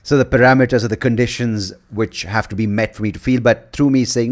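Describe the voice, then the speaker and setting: A man's voice: mid-range voice, fairly even intonation, brisk, few pauses. A man hosting a podcast interview, mostly giving brief affirmations and short reflections. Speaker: podcast host.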